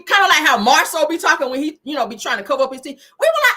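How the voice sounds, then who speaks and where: A woman's voice: high-pitched, sing-song, rapid-fire, sharp tone. A woman hosting a casual gossip commentary live stream, brash and profane, laughing often and calling her viewers "girl.". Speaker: host.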